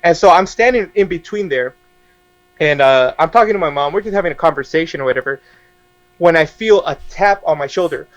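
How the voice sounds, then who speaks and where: High-voiced animated young man. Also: a little fast, no room sound. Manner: animated, acts out quoted dialogue with frequent laughter. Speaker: podcast guest. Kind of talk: casual storytelling.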